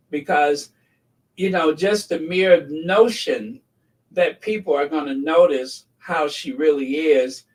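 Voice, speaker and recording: Slow-talking, rambling man, distant mic. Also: fairly high pitch. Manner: rambling, mocking, laughs at his own jokes. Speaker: channel host. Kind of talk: casual gossip commentary.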